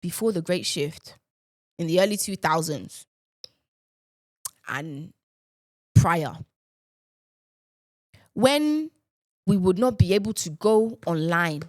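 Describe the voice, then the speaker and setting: A young woman hosting a casual solo podcast chat, sarcastic and animated, jumping from loud outbursts to low mutters. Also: slow, long pauses, dry recording, clean studio sound. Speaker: podcast host.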